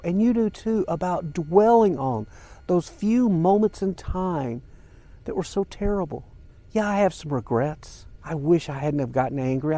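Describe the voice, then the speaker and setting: A man's voice: a little high, warm tone, no echo. An older man hosting a podcast, talking earnestly and emotionally straight to his listeners in a personal, reflective monologue. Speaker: podcast host.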